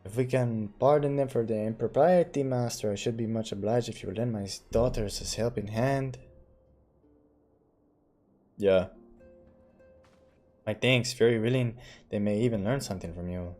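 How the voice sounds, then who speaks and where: A man's voice: medium pitch, a little mellow, soft background music, natural voice. A man reading as a grave old count. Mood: stately. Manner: formal, measured and declaiming. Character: stately older male count, grave host.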